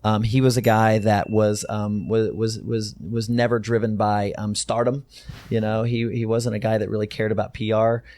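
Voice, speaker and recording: A middle-aged man from Texas talks through his story as an interview guest, circling back with frequent fillers and restarts. His voice sits low and mellow. The recording is dry and close. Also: level tone, normal speed, no room sound. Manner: rambling, many fillers and restarts. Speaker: guest, company co-founder.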